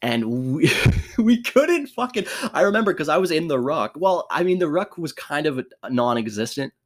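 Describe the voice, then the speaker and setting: A man's voice: a little high, big pitch swings, moderate pace. A young man telling a sports story casually, laughing often, swearing and restarting his sentences.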